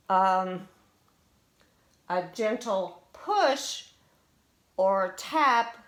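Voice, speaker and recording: A woman teacher slowly explaining vocabulary words, their parts of speech and syllables, in a deliberate classroom manner. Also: medium pitch, fairly bright tone. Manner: slow and deliberate, explaining word by word. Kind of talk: vocabulary lesson.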